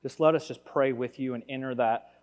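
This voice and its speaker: Pastor preaching in a reverberant hall. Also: male voice, medium pitch, steady tone, a little fast, darkish tone. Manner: conversational, storytelling with many restarts. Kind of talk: sermon. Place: church sanctuary. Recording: long reverb of a large hall.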